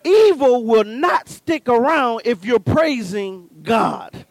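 High-voiced fervent male preacher. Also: slow pace, no room sound. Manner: builds from calm teaching to fervent shouting; folksy, punchy, talks straight to the congregation. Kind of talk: sermon.

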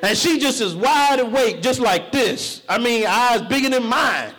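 A middle-aged man preaching a sermon in church, shouting for emphasis and telling humorous stories about his own life. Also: very high voice, animated, a little slow.

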